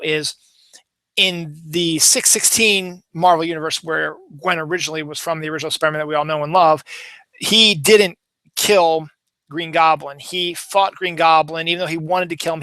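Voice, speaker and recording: Chatty man recapping comics, bright voice. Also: a little high, no room sound. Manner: rambling, chatty, self-correcting. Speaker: comic book vlogger.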